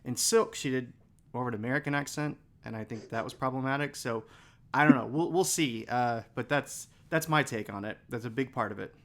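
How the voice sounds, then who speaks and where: A man co-host in casual conversation, musing aloud as he works through his ideas. His voice has a middle pitch. He sounds easygoing and reflective. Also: brisk, a bit bright. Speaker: podcast co-host. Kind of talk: casual chat.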